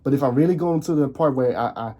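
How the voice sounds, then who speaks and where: Fired-up man ranting, dark voice. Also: quick pace. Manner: fired-up, voice jumps high on emphatic points; frequent restarts and repeated words. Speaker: video host. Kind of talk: casual rant to camera.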